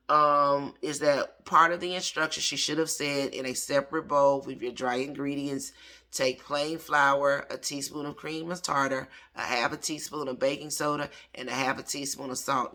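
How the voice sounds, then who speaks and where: Man, late thirties, chef, casual cooking lesson, chatty, bright voice. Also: a little high. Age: 30s. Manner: chatty, talks back to the recipe author. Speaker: chef reading old cookbooks.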